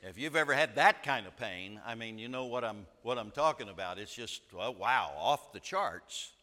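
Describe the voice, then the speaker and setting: A man preaching a sermon, telling stories in an emphatic way with dramatic pauses. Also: medium pitch, expressive, sharp tone, long reverb tail.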